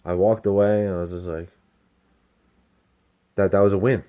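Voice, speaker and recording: A delivery driver talking casually to camera, candid and self-reflective, rambling and swearing freely. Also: male voice, deep voice, steady tone, moderate pace, smooth, highs cut off. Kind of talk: casual self-help vlog monologue.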